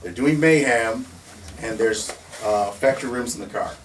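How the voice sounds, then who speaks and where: A man who runs a community security firm, telling a story in an animated way, laughing often and acting out what others said. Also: medium pitch, normal speed, echoey room. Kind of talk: storytelling in a recorded conversation. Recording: distant mic with faint background noise.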